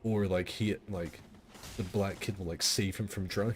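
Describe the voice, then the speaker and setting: A low-voiced man hosts a game fight night stream, chatting casually. He rambles, restarts his sentences and laughs at his own stories. A faint hum of noise sits under his voice. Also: steady tone, normal speed. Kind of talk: casual storytelling over gameplay.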